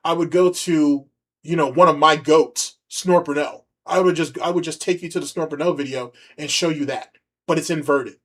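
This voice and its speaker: A man hosting a livestream, rambling and mocking as he comments on a video. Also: fairly high pitch. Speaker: streamer host.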